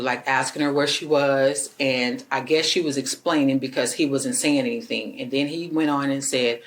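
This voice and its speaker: A woman neighbor giving a halting, hesitant account to police in an interview room. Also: extremely low pitch, steady tone. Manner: hesitant, halting retelling with fillers. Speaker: witness, neighbor.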